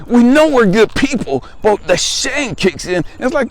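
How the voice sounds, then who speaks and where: This is a man in his fifties telling his own story, straight to camera, as a spiritual coach. His voice sits slightly high and swings widely in pitch. He talks emphatically and conversationally, hammering points through repetition. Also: very animated, normal speed, few pauses. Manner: emphatic, conversational, repeats phrases for weight. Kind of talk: personal testimony monologue.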